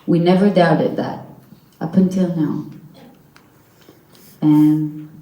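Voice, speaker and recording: A young woman speaks slowly and earnestly, sometimes halting to find her words. Her voice sits low and mellow. The sound carries the roomy echo of a hall. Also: steady tone. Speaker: hostage's relative giving testimony. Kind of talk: personal testimony at a public event. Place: event hall with audience.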